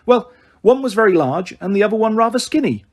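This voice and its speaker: A man's voice: sits high, animated, brisk, a little mellow, voice pushed up. A man voicing a nervous, quavery elderly woman giving witness, gabbling her words.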